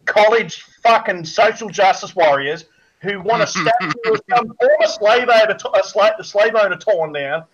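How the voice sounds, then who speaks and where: A man's voice: sits high, highs cut off, crowd noise. Foul-mouthed Australian man ranting. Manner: crude, mocking, rapid-fire insults. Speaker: guest. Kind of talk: profane ranting chat.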